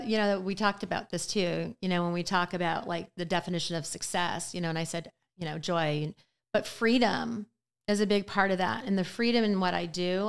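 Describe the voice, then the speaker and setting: Smooth-voiced woman coach, earnest. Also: mid-range voice, fairly bright tone. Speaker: guest, business and life coach. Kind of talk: casual heartfelt interview chat.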